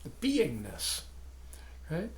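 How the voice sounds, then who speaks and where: Older man giving a halting dharma talk. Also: fairly high pitch, wildly swooping pitch, roomy sound. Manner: halting, searching phrasing with frequent asides and soft laughs. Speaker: dharma teacher.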